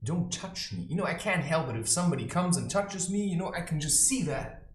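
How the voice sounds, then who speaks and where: Preachy, lively man in an echoey room. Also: on the high side, a little fast. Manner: preachy, mocking, theatrical. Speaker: self-styled spiritual advisor. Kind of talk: satirical monologue to camera. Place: his own room, indoors. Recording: roomy echo.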